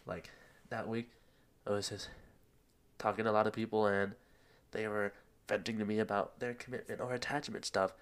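A man's voice: on the low side, little pitch movement, moderate pace, pauses often, clean tone. A young man hosting a solo podcast, rambling in casual slang, laughing at himself and a bit out of breath. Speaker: podcast host.

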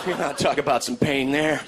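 A man performing a stand-up comedy set, animated and putting on voices for the people he quotes. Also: medium pitch. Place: comedy venue before a live audience. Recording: live show with crowd laughter and noise.

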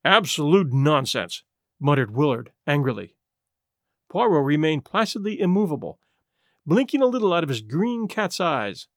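Man reading a detective audiobook, high lively voice, dry close mic. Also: moderate pace, no room sound. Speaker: audiobook narrator. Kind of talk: scripted narration.

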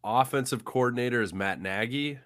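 A man's voice: medium pitch, brisk, fairly bright tone, no room sound, studio quality. A young man co-hosting a casual sports podcast, wry and mocking as he talks the team through. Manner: wry, mocking, slips into silly put-on voices. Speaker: podcast co-host.

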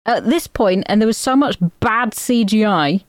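A woman's voice: mid-range voice, animated, normal speed, no echo, clean studio sound. A woman co-hosting a podcast, telling candid, self-mocking stories in casual, sweary chat. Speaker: podcast co-host. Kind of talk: casual film review chat.

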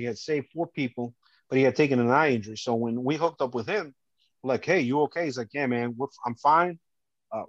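A middle-aged man, telling a personal story as a podcast guest, earnest and animated, often acting out what others said. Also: mid-range voice, no room sound, muffled recording.

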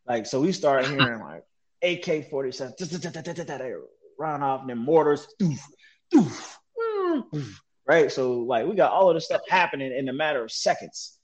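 A man telling a story as a guest in an interview, animated and slangy, mimicking sounds as he relives events. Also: mid-range voice, moderate pace. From United States. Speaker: guest, military veteran.

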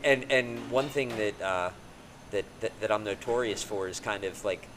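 A man's voice: lowish voice, normal speed. Middle-aged musician guy spinning a wild tour story, laughs a lot, faint background hiss. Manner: animated, laughs often, acts out voices in his stories. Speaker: musician guest. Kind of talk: casual storytelling.

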